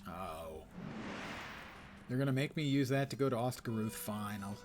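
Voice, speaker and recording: A man's voice: lowish voice, expressive, moderate pace, music in the background. An older man giving rambling, wry live commentary while he plays a game. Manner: wry, rambling, self-mocking asides. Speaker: game streamer.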